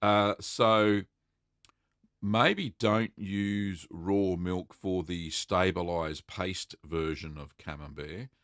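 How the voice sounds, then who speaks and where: A man's voice: low-pitched, steady tone, very slow, a bit bright, no room sound, clean studio sound. A middle-aged Australian man hosting a casual live stream, chatting and answering viewer questions with lots of fillers. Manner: chatty and rambling, reading out names with many fillers.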